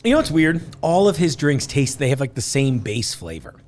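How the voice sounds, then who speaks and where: A man's voice: medium pitch, normal speed, slight background noise. A man hosting a casual podcast, taste-testing snacks with friends and joking around. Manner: jokey, animated, puts on silly voices. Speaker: podcast host. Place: indoors in a store.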